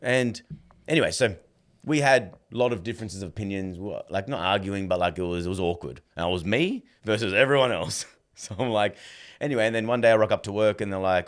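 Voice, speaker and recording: Guy in his thirties, very deep voice, chatty guest who re-enacts conversations, lots of "bro". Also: brisk. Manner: animated, acts out dialogue, fills with "like" and "bro". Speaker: podcast guest. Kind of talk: casual storytelling.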